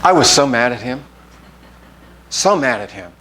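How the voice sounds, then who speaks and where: A man's voice: mid-range voice, measured pace, long pauses, a little hiss or hum. A man preaching a sermon as pastor, telling a personal story and acting out the dialogue. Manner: animated storytelling, acts out the dialogue. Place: church sanctuary.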